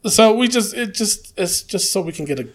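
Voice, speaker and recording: A man's voice: high voice, animated, moderate pace. A man co-hosting a casual chat show, talking hesitantly with lots of fillers and dry verdicts. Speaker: podcast co-host.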